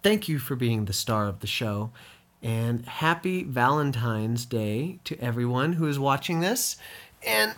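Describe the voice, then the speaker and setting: A woman hosting a casual live stream, chatting to her viewers and talking to her small dog by turns. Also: very deep voice.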